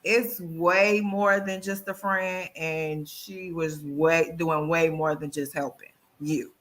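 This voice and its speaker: A woman hosting a casual talk show who talks in a lively way and acts out people's excuses as she goes. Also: sits low, slow. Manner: animated, acts out quoted excuses, repeats "yada, yada". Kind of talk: casual chat.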